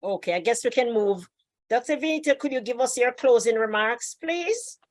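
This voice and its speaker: A woman's voice: on the high side, lively intonation, moderate pace, no echo. Affirming woman host on a dry video call. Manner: affirming, many short agreements. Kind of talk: online interview hosting.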